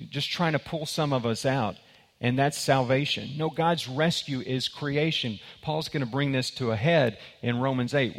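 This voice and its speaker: A man's voice: medium pitch, vocal fry. Emphatic preacher man in a reverberant hall. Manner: emphatic, repeats words and restarts. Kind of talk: sermon with a told joke.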